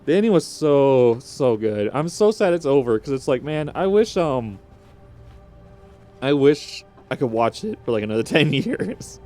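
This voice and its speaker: A man's voice: mid-range voice, darkish tone. A young man vlogging, rambling and emotional, with frequent restarts and rising exclamations. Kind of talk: unscripted emotional reaction vlog.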